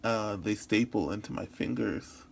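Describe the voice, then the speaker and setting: A man voices a signed story into spoken English as interpreting practice, telling it in the first person. His voice is gravelly with vocal fry. His delivery is halting, full of restarts and repeated words. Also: fairly low pitch. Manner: halting, with frequent restarts and repetitions.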